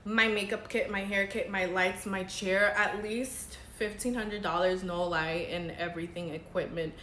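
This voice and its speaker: A woman's voice: mid-range voice, fairly even intonation, normal speed, bright, forceful tone, reverberant, slight background noise. A young woman, a makeup artist, telling a dramatic story in casual, chatty vlog style. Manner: chatty, dramatic, says girl a lot.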